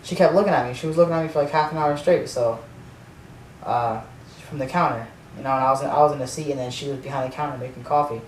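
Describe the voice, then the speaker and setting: A man's voice: medium pitch, quick pace. A man telling a storytime rant for his vlog, rambling and swearing, full of filler words and restarts. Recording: echoey room, distant mic, faint noise.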